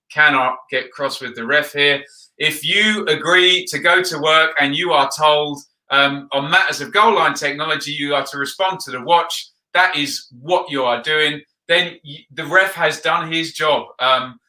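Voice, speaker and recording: A man's voice: a little high, unhurried, pushed and bright. A man hosting a football video, chatting casually and rambling with frequent ums while he reads out viewer comments. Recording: roomy echo.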